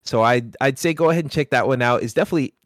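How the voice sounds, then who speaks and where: A man hosting a casual gaming podcast, talking excitedly and often breaking into laughter. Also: medium pitch, racing, no echo, clean studio sound. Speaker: podcast host. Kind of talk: casual chat.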